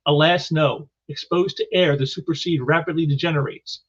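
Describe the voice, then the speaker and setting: A man's voice: on the high side, fairly even intonation, normal speed, lightly acted. A man reading aloud the lines of a stern telepathic alien insect queen, on a dull lo-fi recording.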